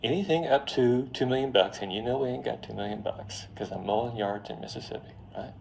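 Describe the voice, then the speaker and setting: A man's voice: mid-range voice, brisk, vocal fry, darkish tone, slight background noise, close to an everyday voice. A man voicing a downcast working man who mows yards, explaining his losses in a plain, resigned way.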